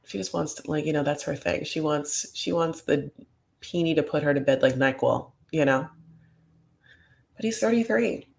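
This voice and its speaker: A man's voice: a little high, moderate pace, creaky. A man hosting a comedic reality TV recap, talking in a rambling, campy way full of fillers.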